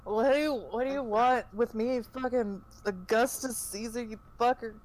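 A woman's voice: on the high side, normal speed, a little mellow, natural voice, rough recording. A woman voicing a drunk, heartbroken man who swears and whines. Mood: bitter. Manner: slurring, profane, whiny.

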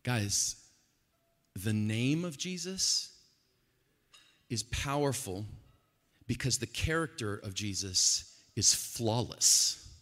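A male preacher gives an animated sermon. He sounds bright and forceful, and his pitch leaps around. A long reverb rings through the large hall. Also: slow pace, long pauses. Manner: animated, swings from quiet to loud.

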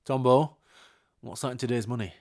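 A man's voice: mid-range voice, fairly quick. A man co-hosting a comedy history podcast, playful and theatrical. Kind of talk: comic sketch interview.

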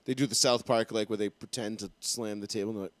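A young man co-hosting a casual chat show, swearing freely and telling stories with animated energy. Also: lowish voice, quick pace, no echo. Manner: profane, animated storytelling. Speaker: podcast co-host.

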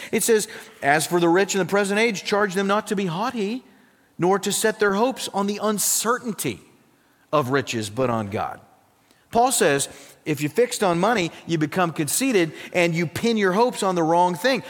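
Male pastor from South Dakota, high voice, emphatic preaching that drops to a hush, long hall reverb. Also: lively intonation, moderate pace. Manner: emphatic, swings from loud to hushed. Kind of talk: sermon.

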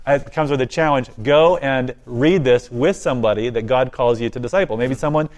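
An earnest man speaks as an interview guest, his voice sitting at an ordinary middle pitch. He talks with eager enthusiasm, often laughing lightly between his points. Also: brisk, a little mellow. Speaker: guest, ministry volunteer and author. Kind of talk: interview conversation.

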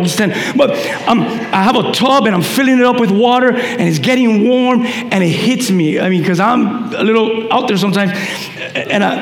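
A male pastor preaching a sermon, animated, with shouted peaks and quick asides to the congregation. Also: high voice, creaky. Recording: echoey hall reverb, faint noise.

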